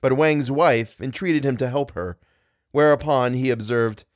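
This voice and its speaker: A man's voice: mid-range voice, measured pace, dry recording. Man narrating a classic tale, dry close sound. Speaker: podcast narrator.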